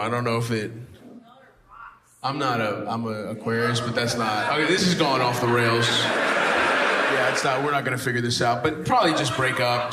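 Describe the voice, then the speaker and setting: A male stand-up comedian doing crowd work on stage, teasing and bantering with the audience in a brash, profane way. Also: mid-range voice. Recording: echoey room with loud crowd noise.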